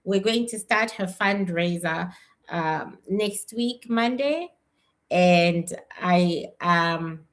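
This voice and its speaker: A woman psychic medium from South Africa, giving a live spirit reading in a slow, emotional and repetitive way with a gravelly voice. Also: fairly low pitch.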